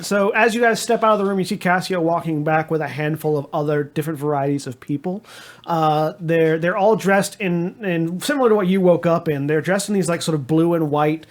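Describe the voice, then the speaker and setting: A man running a tabletop game as game master, narrating haltingly with many restarts. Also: fairly high pitch.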